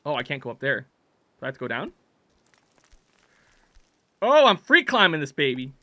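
A man doing let's play commentary, yelling at his character and swinging from muttered self-talk to loud shouts. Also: on the high side, big pitch swings, normal speed, pauses often, dry recording, studio quality. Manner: jokey self-talk while playing. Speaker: gaming channel host.

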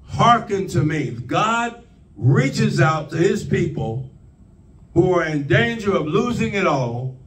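A man preaching a sermon, slow and deliberate, leaning on repeated phrases. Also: a little high, distant mic, rough recording. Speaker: pastor.

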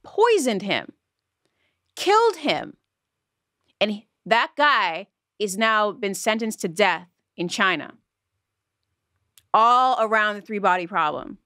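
A woman co-hosts a casual podcast and tells a story at an easy pace. Her voice sits at a middle pitch. The recording is dry and close. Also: big pitch swings, slow pace, long pauses, sharp tone, dry recording. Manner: storytelling, recounting news.

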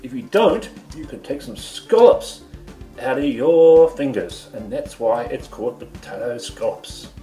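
A man's voice: medium pitch, animated, measured pace, warm tone, echoey room, soft background music. A man with a New Zealand accent hosting a goofy comedic cooking show from his home kitchen, full of playful sing-song exclamations.

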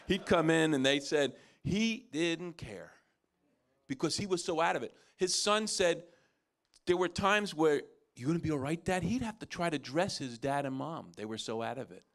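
A man's voice: moderate pace, gravelly. A man preaching a sermon, telling stories and acting out the people in them with big jumps in voice. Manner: animated, acts out quotes with big pitch jumps. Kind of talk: sermon storytelling.

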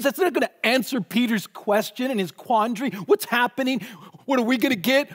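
Pastor, male, preaching an emphatic sermon from the pulpit. High-pitched voice with long church reverb. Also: a little fast. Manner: emphatic, repeats words when stressing a point. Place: church sanctuary.

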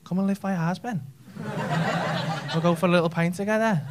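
A man's voice: high-pitched, steady tone, a little fast, very noisy. A man with a Scouse accent doing stand-up crowd work on a comedy club stage, bantering cheekily with the audience and swearing freely. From Liverpool, England.

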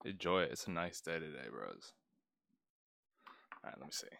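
A man's voice: very deep voice, sing-song, moderate pace, gravelly, fairly bright tone, no echo. A young man tutoring on a casual livestream, chatty and laid-back as he greets viewers by name. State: out of breath. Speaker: test prep tutor streaming live.

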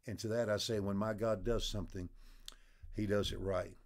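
A man's voice: lowish voice, fairly even intonation, moderate pace. A middle-aged man preaching a devotional sermon as pastor, telling stories and acting out voices in them. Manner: storytelling, acts out voices in anecdotes.

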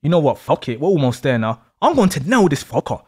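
A man's voice: on the high side, sing-song, quick pace, slightly rough, voice pushed down. A man doing a hot-headed thug boyfriend. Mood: irritated. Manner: blunt, swearing, aggressive. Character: hot-headed young man, threatening and crude.

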